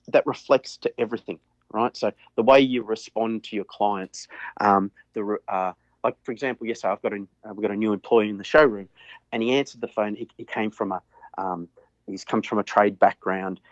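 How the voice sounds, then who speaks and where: A man's voice: on the low side, dry recording. A middle-aged man, a business owner, chatting casually as an interview guest and often repeating words while he thinks aloud. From Australia. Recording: dull lo-fi audio.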